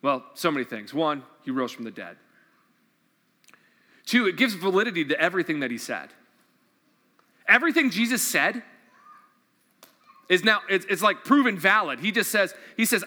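A man's voice: high-pitched, sing-song, moderate pace, long pauses, sharp tone. A man preaching a sermon, enthusiastic and conversational, reading scripture and asking his listeners questions. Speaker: pastor. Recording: long hall reverb.

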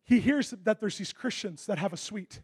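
A man preaching a sermon, telling a story with lively acted-out dialogue that swings from loud excitement to a hushed, intense tone. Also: high voice, moderate pace, slightly rough. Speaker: pastor.

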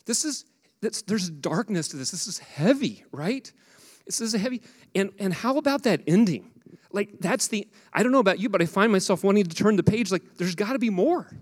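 Man, pastor, sermon, animated and conversational, slightly high voice, long church reverb. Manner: conversational, animated, asks the congregation questions. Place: church sanctuary.

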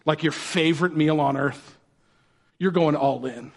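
High-voiced joking pastor. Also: male voice, a little slow, creaky. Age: adult parent. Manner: lively, joking, conversational. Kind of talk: conversational sermon.

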